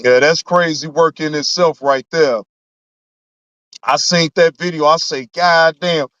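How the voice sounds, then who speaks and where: High-voiced guy on a livestream, cussing and rambling to chat, dry dull lo-fi audio. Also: measured pace, a bit bright, dry recording. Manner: laid-back, profane, rambling. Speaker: livestream host. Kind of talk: casual livestream talk reading chat. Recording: dull lo-fi sound.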